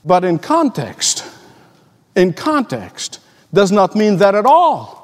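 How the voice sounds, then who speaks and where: A man's voice: high-pitched, wildly swooping pitch, takes it slowly, in a large hall. A middle-aged male pastor delivering a sermon, earnest and emphatic, telling stories and asking rhetorical questions.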